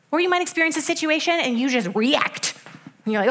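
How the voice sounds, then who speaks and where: A young adult woman giving a sermon in a conversational way, with animated asides that drop into soft, hushed stretches. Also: high-pitched, a little fast.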